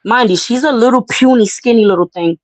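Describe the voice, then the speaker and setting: Woman host, loud and profane storyteller, mid pitch, dry close sound. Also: brisk, no room sound, rough recording. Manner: brash, profane, animated storyteller. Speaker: podcast host. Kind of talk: casual storytelling chat.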